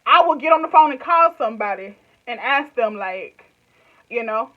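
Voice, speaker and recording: A woman's voice: fairly high pitch, animated, moderate pace, dull audio. Chatty Southern woman in her twenties. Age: 20s. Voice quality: laughs often, talks in loose run-on phrases. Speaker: YouTuber. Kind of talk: casual direct-to-camera chat.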